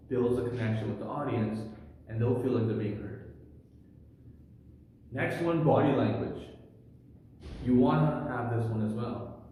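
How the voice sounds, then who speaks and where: Energetic man in an echoey room. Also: medium pitch, a little hiss or hum. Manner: energetic, animated, loud. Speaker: public speaking vlogger. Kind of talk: instructional talk to camera. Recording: echoey room with long reverb.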